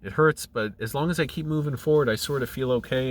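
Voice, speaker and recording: A middle-aged man, choked up, talking in a halting, emotional way, with many restarts and fillers. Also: mid-range voice. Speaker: channel creative director. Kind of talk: personal video diary.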